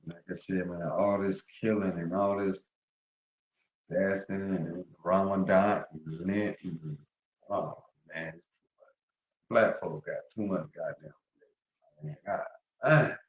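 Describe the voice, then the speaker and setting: Low voice dude chatting slow with his viewers, cussing a lot, echoey room. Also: steady tone. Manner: rambling and profane, heavy slang. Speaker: streamer. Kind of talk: casual live-stream chat.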